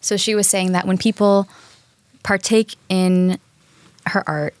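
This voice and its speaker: A woman's voice: medium pitch, flat delivery, a little slow, smooth, no echo. A young woman co-hosting a podcast in casual chat, earnest and gushing as she retells a story. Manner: earnest and gushing, tells stories with quotes. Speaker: podcast co-host.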